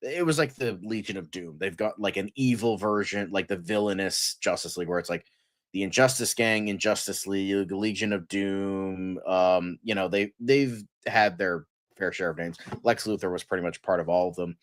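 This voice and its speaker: A man with a lowish voice chats loosely on a pop-culture podcast, filling his thoughts with ums and likes. He rambles and cracks jokes between points. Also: normal speed. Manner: joking, rambling with fillers. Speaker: podcast co-host. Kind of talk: casual pop-culture chat.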